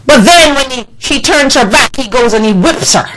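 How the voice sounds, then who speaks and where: A woman's voice: sits high, animated, normal speed, a bit bright, poor audio. A woman delivering an impassioned political monologue, indignant and scolding, with emphatic repetition. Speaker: political commentator.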